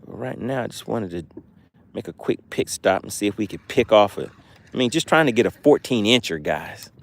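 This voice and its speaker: A man's voice: fairly low pitch, lively intonation, normal speed, vocal fry. Easygoing Southern man on a fishing livestream. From Southern US, Georgia. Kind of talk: casual live-stream chat, reading comments. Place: outdoors by the water.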